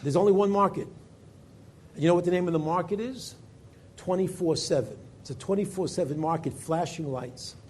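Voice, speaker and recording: A man, a rabbi telling a story in a Torah class, his voice climbing for emphasis and dropping low for quoted lines. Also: a little mellow, husky.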